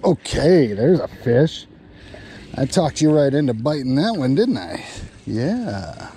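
A man's voice: mid-range voice, mellow, a little hiss or hum. A man hosting a fishing vlog outdoors on a lake boat, chatting to the fish and his viewers. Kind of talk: casual fishing vlog narration.

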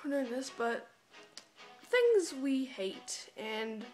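A woman's voice: sits high, sing-song, drawn-out words, darkish tone, faint music behind. A girl in her teens, chatting casually and bluntly, swearing and putting on a mock British accent. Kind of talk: casual chat to camera. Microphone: phone camera.

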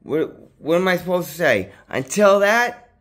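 This man has a high but unhurried voice as he vlogs a personal story. It's rambling, casual talk full of cursing and filler like "dude" and "you know what I mean." He gets excitable, with his voice jumping up once he's worked up.

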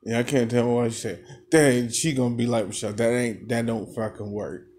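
A man's voice: mid-range voice, brisk. Laughing, profane man ranting casually. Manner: animated, laughing, profane storytelling. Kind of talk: casual rant.

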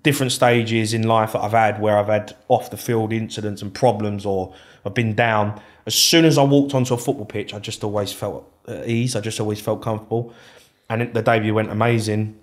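A man's voice: lowish voice, fairly quick. Candid, foul-mouthed man telling stories. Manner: candid, swears freely, animated recounting. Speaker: podcast guest, former footballer. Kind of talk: casual storytelling interview.

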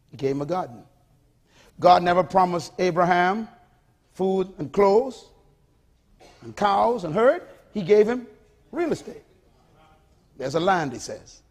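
A man preaching a sermon in an emphatic, repetitive style, calling on the congregation to respond. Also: a little high.

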